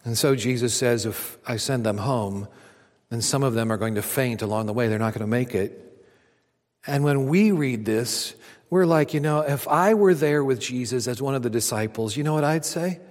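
A man preaching a sermon to a congregation, swinging between loud emphatic lines and hushed near-whispers. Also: medium pitch, normal speed. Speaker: pastor. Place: church auditorium. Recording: long hall reverb.

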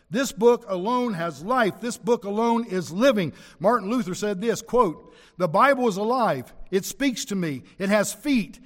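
A man preaching a sermon, emphatic, slowing down to press home key words. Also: high voice, in a large hall.

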